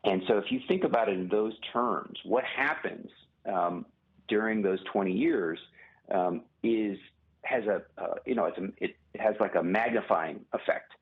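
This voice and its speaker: A man, a journalist and author, speaking as a guest in a phone interview, measured and halting, with many pauses and restarts. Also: fairly low pitch, breathy edge. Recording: tinny phone line.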